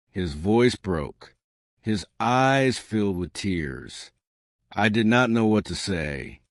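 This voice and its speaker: A man giving scripted storybook narration for English learners in plain, short, measured sentences. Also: fairly low pitch, dry recording, studio quality.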